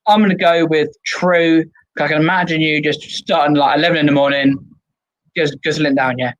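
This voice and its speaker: A man hosting a casual group podcast game, playful and quick to exclaim. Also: on the high side, steady tone, dull audio. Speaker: podcast host.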